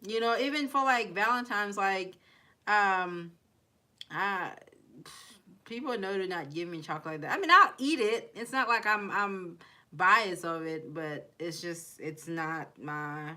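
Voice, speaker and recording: A woman's voice: mid-range voice, expressive, a little slow, bright, forceful tone. Chatty woman with Haitian-Kentucky accent. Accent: mixed Haitian and Kentucky. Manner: chatty, rambling, reads viewer comments aloud; laughs often, giggly asides. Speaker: live streamer. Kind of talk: casual live-stream chat.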